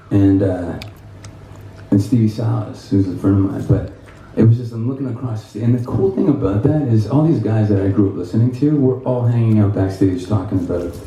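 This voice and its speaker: A man with a lowish, mellow voice tells lively anecdotes at a guitar clinic, often acting out other people's lines. He sounds set back from the mic in an echoey room, with a faint hum of room sound behind him. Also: far from the mic, highs cut off. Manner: animated anecdotes with laughs and quoted voices. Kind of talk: casual storytelling to an audience. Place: music store clinic in front of an audience.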